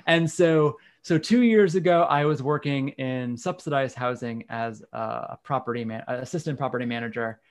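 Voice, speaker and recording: A man's voice: medium pitch, moderate pace, hardly any pauses. A man, candidly telling a personal story in casual conversation. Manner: candid, frank, occasional swearing. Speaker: guest.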